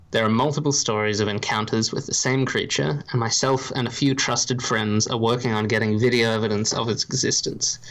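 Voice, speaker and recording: A man's voice: mid-range voice, fairly bright tone. A man from Ireland co-hosting a podcast in casual chat, dry and self-deprecating, reading a long story aloud. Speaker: podcast co-host.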